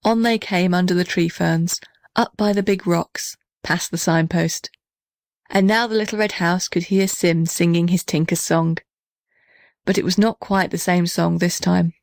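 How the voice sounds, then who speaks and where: A woman reading a children's storybook aloud in a gentle, measured way. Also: fairly low pitch, fairly even intonation, no echo, studio quality. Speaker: narrator.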